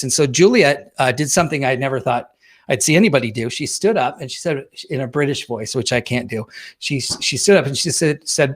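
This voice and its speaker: Man telling a story with many fillers. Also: mid-range voice. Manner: halting, many fillers and restarts. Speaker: guest. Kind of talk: casual storytelling.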